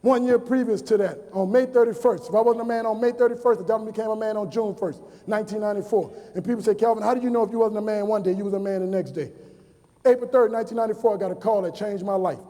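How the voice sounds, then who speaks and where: A high-pitched man in his forties from New Orleans gives a motivational speech to college students. He tells personal stories and repeats key lines for emphasis. His voice rings out with a long echo through a large hall. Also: fast talker, warm tone. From New Orleans, USA. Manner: storytelling with emphatic repetition. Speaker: motivational speaker.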